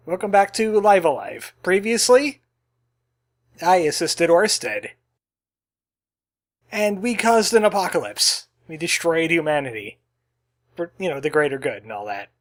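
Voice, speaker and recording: A man's voice: a little high, expressive, measured pace. A man casually commenting on a game he is playing as the channel's let's play host, chatty and joking, slipping into a cowboy voice now and then. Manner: chatty, jokey, puts on a cowboy voice. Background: faint game music.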